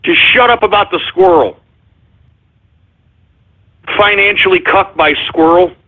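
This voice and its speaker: A man hosting a live radio show, reading listener shout-outs and ranting at them in exasperation, often yelling at them to shut up. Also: high-pitched, a little slow. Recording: tinny phone-like lo-fi audio.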